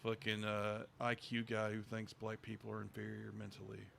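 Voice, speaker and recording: A man hosting a casual podcast chat, talking in a profane, sarcastic and animated way. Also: lowish voice, moderate pace, creaky. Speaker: podcast host.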